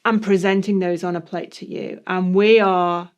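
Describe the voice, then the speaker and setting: A man co-hosting a reflective podcast discussion, explaining ideas in a measured way. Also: sits high, level tone, smooth, muffled recording. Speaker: podcast co-host.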